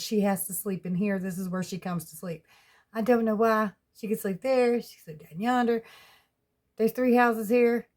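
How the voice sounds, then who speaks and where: A woman's voice: mid-range voice, a little mellow. A woman with a Southern US accent rambling in a casual, folksy home vlog, often laughing. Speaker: vlogger. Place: at home with pets.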